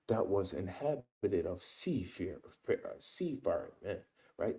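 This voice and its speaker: Low, mellow man teaching scripture. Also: expressive, a little slow. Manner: casual, peppers talk with "man" and "right?"; reads verses aloud then explains them. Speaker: Bible teacher. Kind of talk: informal scripture study lesson.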